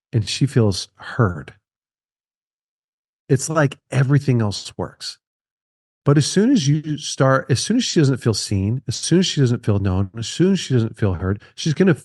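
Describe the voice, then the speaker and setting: A man's voice: medium pitch, darkish tone, dry recording. Earnest man talking, dry close sound. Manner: earnest, repeats phrases for emphasis. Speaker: podcast guest. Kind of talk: conversational podcast interview.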